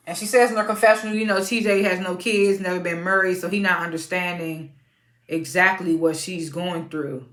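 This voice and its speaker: A woman giving a casual, outspoken recap of a reality TV episode, animated and prone to sudden high-pitched exclamations. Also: normal speed, echoey room. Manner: informal and outspoken.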